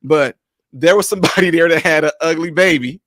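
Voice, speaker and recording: A man hosting a casual chat, telling animated stories and laughing often. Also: a little high, brisk, no room sound, studio quality. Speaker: host.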